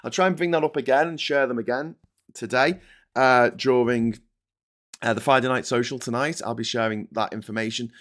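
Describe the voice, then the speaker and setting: A British man hosting a casual political commentary show, talking in a lively, rambling way with frequent swearing and restarts. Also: mid-range voice, fairly quick. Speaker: host of a live commentary show.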